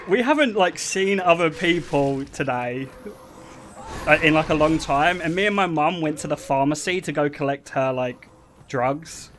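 A man's voice: sits high, slight background noise. A man, a streamer telling stories in casual chat, swearing and breaking into laughter. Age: 20s. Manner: animated storytelling, swearing and bursting into laughter.

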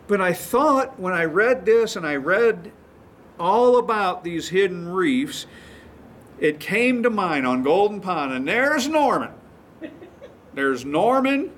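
A man's voice: high voice, a bit bright, a little hiss or hum. A male pastor teaching a sermon, retelling stories in a folksy, chuckling way.

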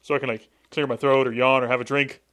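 A man's voice: medium pitch, level tone, quick pace, a bit bright. A young man giving casual, joking, profane commentary while playing a video game. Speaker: let's play gamer.

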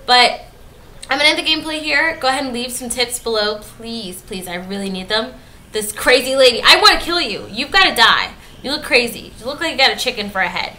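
A high-pitched woman with a twang narrates her gameplay in a jumpy, chatty way, often hollering at the screen. Her voice is bright and sharp, with a faint hiss of ambience behind it. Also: animated, brisk. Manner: jumpy and talkative, often yelling at the game. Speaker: gaming YouTuber. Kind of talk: let's play commentary.

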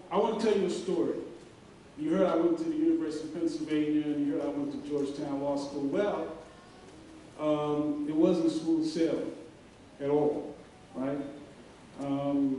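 A middle-aged man giving a graduation speech in a large hall, telling a story earnestly with many pauses and fillers. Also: a little high, steady tone, mellow. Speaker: commencement speaker. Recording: very echoey hall, voice from far off, faint hiss.

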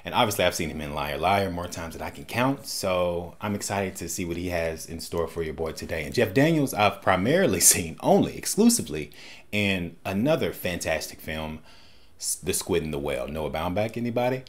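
A man's voice: low-pitched, expressive, a little fast. A man hosting a first-time movie reaction, making jokey, wisecracking asides. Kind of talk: casual reaction commentary.

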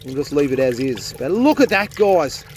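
A man's voice: on the high side, very animated, moderate pace, a little hiss or hum. A man with an Australian accent filming his plumbing job on a handheld phone, chatting and joking casually to viewers outdoors. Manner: chatty and jokey, swears casually. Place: outdoors at a drain.

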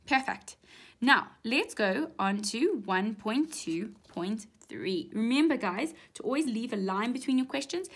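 A young woman with a South African English accent, working as a maths teacher, talks through an exam question in a chatty walkthrough lesson, often checking in with "right?". Her voice is mid-range and a bit bright.

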